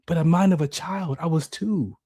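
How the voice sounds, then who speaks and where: A man's voice: moderate pace, no echo, clean studio sound. A man co-hosting a talk show, telling a personal story with emotion and acting out voices in his head. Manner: emotional, animated, acts out inner voices in high shouts. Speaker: podcast co-host.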